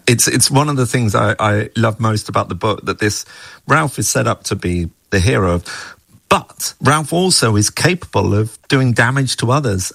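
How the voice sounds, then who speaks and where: A man's voice: medium pitch, vocal fry, fairly bright tone, dry recording. A middle-aged man, a screenwriter being interviewed, talking in a thoughtful, musing way. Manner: thoughtful, musing, with small laughs. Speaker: guest, screenwriter of the adaptation. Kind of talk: reflective interview talk.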